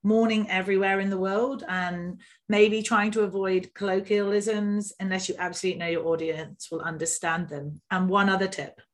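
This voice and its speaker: Steady woman co-hosting a podcast. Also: medium pitch, moderate pace, hardly any pauses. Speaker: podcast co-host. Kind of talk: casual podcast chat giving business tips.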